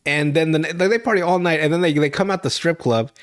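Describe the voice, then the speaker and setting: A man's voice: on the high side, fast talker. A young man hosting a podcast, rambling through a profane, laugh-filled recap of a TV episode. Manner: rambling, profane, laughs loudly at his own story. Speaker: podcast host.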